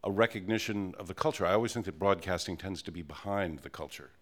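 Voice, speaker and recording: A man hosting a radio interview show, talking in a measured, reflective way with a few hesitations. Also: low voice.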